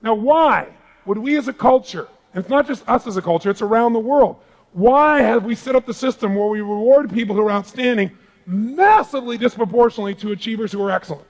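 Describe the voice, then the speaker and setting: A middle-aged man giving an animated motivational seminar talk to a live audience in a large hall, calling for responses. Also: very high-pitched, fairly quick. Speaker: motivational speaker.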